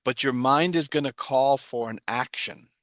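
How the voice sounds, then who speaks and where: A man's voice: medium pitch, moderate pace, a bit bright, no room sound. A man giving an explanatory talk, asking himself rhetorical questions and answering them. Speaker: guest speaker on trauma. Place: online livestream.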